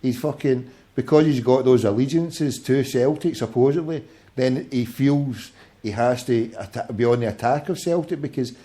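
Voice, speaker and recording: A Glaswegian man in his forties hosts a casual late-night call-in podcast, swearing freely and bantering combatively. His voice is warm and medium-pitched, at a moderate pace.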